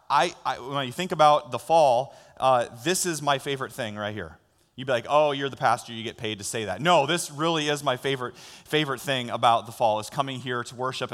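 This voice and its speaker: Conversational pastor in a reverberant church. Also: male voice, medium pitch. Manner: conversational preaching with rising excitement. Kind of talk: sermon. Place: church sanctuary. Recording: long hall reverb.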